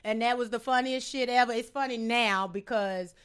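High, bright-voiced woman telling blunt stories. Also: normal speed, clean tone. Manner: candid, profane, laughing storytelling. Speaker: guest comedian. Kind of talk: casual storytelling chat.

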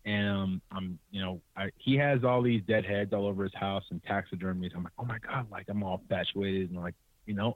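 Lively low-voiced man telling stories. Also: fast, dry recording. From California. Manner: animated, acts out quotes in a higher voice, laughs often. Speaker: podcast guest, hunter. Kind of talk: casual storytelling. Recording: tinny, dry remote call audio.

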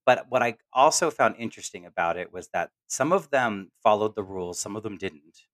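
A man's voice: fairly low pitch, lively intonation, a little fast, a bit bright, no echo. A man co-hosting a casual podcast roundtable, rambling with lots of fillers and restarts. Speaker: podcast co-host.

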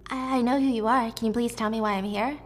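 A woman's voice: a little high, steady tone, quick pace, natural voice. A woman voicing a frightened young woman who pleads anxiously for answers. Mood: pleading.

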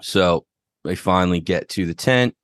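A man's voice: deep voice, normal speed, a bit bright, no echo. A young man casually recapping a TV episode, talking loosely with fillers and the odd swear. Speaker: podcast host.

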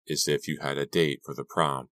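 Man reading as a cocky nervous teen guy, super deep slow drawl, dry mic. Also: little pitch movement, fairly bright tone, no echo. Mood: awkward.

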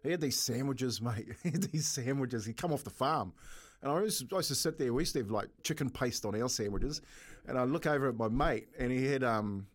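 A middle-aged man with a New Zealand accent spins a long, rambling yarn on air. He keeps breaking into laughter and calls his co-host "mate" every few lines. His voice sits at an ordinary pitch, in a relaxed, chatty radio manner. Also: fairly quick. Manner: chatty, laughs often, says "mate" a lot. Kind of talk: casual radio banter and storytelling.

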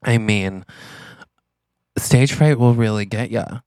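A man co-hosting a podcast in casual chat, dropping wry, teasing remarks. His voice is smooth and resonant, recorded dry and close with no room echo. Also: fairly low pitch, slow pace, a little mellow. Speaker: podcast co-host.

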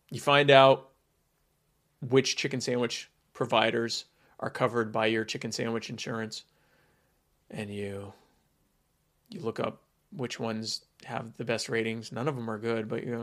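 A man's voice: mid-range voice, level tone, unhurried, pauses often, a bit bright. A man from the United States giving a sarcastic, emphatic opinion monologue, with many fillers.

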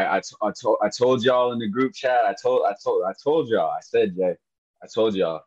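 A man with a somewhat low voice talks in a casual sports podcast chat. He is emotional and rambling, stumbling and repeating himself. The sound is dull and lo-fi. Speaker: podcast co-host.

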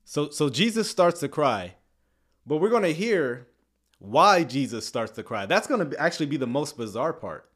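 Man, casual commentary, animated pitch, laughs a lot, loud bursts then mutters. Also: moderate pace, breathy edge. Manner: chuckles often, jumps between quiet asides and excited outbursts. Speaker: commentator reacting to clips.

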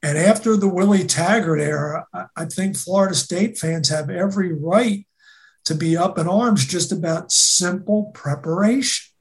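Gravelly sports host, slow careful talk, trips on first words a lot. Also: mid-range voice. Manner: deliberate, repeats words when starting. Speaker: co-host, college football analyst.

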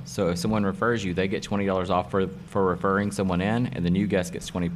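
A man's voice: low voice, little pitch movement, quick pace, hardly any pauses, a little hiss or hum. A middle-aged man, a hairdresser and salon owner being interviewed, who talks with enthusiasm and hammers points home by repeating them. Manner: enthusiastic, emphatic, repeats key phrases. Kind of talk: casual interview talk.

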